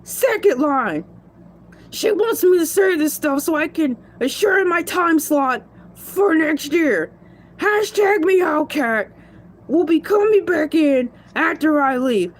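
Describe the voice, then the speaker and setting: A woman with a high, lively voice speaks at a slow pace, playing a cocky male shark who's filling in as a show host. He chats playfully and brags as he rambles, in boastful form, for a comedic solo character show.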